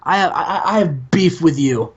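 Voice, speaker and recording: A man's voice: fairly high pitch, moderate pace, slightly rough, muffled recording. A man voicing an arrogant, cheating male wrestler who taunts his boss in sneering trash talk. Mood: taunting.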